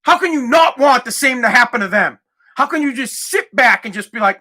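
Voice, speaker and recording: A man hosts his own podcast and rants alone at the mic. His voice is bright and cutting, and he keeps circling back over the same points. He swears often and rises into shouts when his outrage boils over. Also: very high voice, expressive, brisk. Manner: heated, profane, repeats himself, shouts at times. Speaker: podcast host. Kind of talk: angry solo rant.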